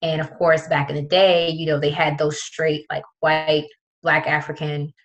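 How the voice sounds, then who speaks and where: A woman's voice: deep voice, little pitch movement, a little slow, low-quality recording. A young woman from the Prince George's County area, telling a personal story in casual talk, with many fillers and quoted voices. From Prince George's County, Maryland area. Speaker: guest.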